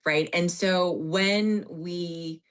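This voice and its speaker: A woman therapist speaking from her office on a podcast, explaining earnestly with animated emphasis. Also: fairly low pitch, very slow. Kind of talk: podcast conversation.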